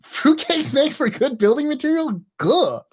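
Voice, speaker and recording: A man's voice: very high voice, sing-song, measured pace. A man co-hosting a live call-in stream, blunt and outspoken, reading chat messages aloud. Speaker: co-host.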